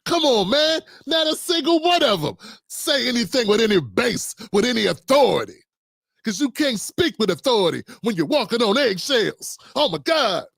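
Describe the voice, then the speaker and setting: A man's voice: extremely high pitch, sing-song, moderate pace, creaky, a bit bright, dry recording, studio quality. A middle-aged man hosting a casual political talk show, riffing loosely and playfully with slang and asides to his audience. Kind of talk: casual livestream commentary.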